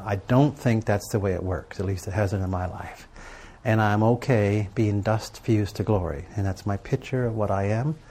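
A man's voice: on the low side, warm tone, slightly rough. A middle-aged man giving a sermon to a live audience, telling stories and asking rhetorical questions in a conversational way. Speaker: preacher teaching on prayer and journaling.

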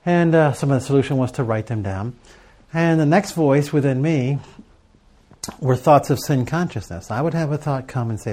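A man's voice: mid-range voice, moderate pace, darkish tone. A middle-aged man giving a sermon to a live audience, telling stories and asking rhetorical questions in a conversational way. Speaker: preacher teaching on prayer and journaling.

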